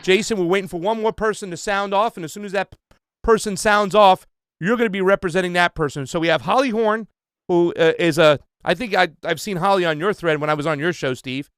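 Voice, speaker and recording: A man's voice: high voice, fairly quick, a bit bright, smooth, dry recording, clean studio sound. A man hosting a casual livestream trivia game, talking loosely with plenty of fillers and restarts.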